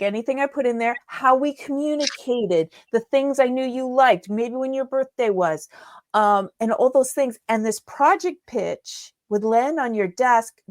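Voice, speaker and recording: On the high side, her voice comes across cleanly in a studio-quality recording without echo. The guest, a digital marketing strategist, answers interview questions conversationally, laying out her methods in an eager, step-by-step manner.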